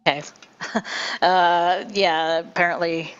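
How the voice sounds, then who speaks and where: Low-voiced woman streaming a game. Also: measured pace, a bit bright, dull audio. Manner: rambling, swears casually, many fillers. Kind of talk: casual gameplay commentary.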